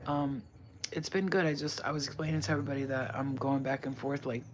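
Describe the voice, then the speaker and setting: A woman's voice: extremely low pitch, level tone, fast talker, noisy background. New woman streamer, chatty, profane, giggly; dull lo-fi mic. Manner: laughing often, swearing, rambling. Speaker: livestreamer. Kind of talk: casual live stream chat.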